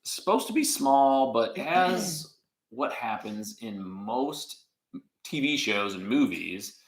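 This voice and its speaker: A man co-hosting a podcast, casually recapping an episode from his notes in a rambling, animated way. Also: mid-range voice, slow, roomy sound, low-quality recording. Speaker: podcast co-host.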